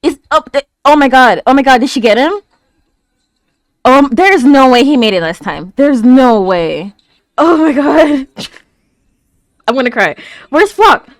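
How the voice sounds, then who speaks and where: Excitable high-voiced woman reacting to anime. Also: unhurried, pauses often, no room sound. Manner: exclamatory, gasping, stammering. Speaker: reaction video host. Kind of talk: live anime reaction commentary.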